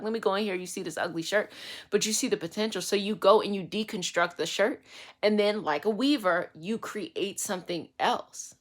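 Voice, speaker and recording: Woman, tarot reader, casual spiritual chat, chatty, lively, slangy. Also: mid-range voice. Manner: chatty and lively, slangy asides, laughs often. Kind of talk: casual spiritual reading to camera.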